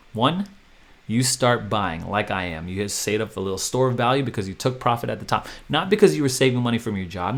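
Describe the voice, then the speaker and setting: Chatty man hosting a crypto channel. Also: medium pitch. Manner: animated, repetitive, chatty with frequent "okay?". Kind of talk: casual advice monologue.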